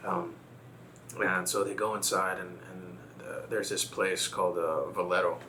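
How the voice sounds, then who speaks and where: A man's voice: sits low, little pitch movement, unhurried, pushed and bright, slight background noise. A man from Texas, a guest in a casual conversation, talking reflectively and telling a personal story.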